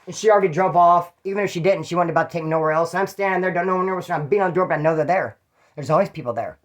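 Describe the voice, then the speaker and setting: Very fast and high-pitched, a man from California spins casual prison tales, swearing, using slang and restarting as he rambles. He imitates the people he quotes.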